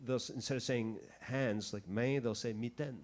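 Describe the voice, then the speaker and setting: A man's voice: mid-range voice, steady tone, normal speed. A man from Quebec, a band member who explains things hesitantly during an interview. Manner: hesitant, full of fillers.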